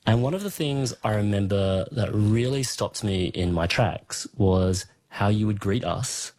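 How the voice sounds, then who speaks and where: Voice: low-pitched, measured pace, a little mellow, no room sound. An interviewer, asking questions and reacting with enthusiasm. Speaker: podcast host, interviewer.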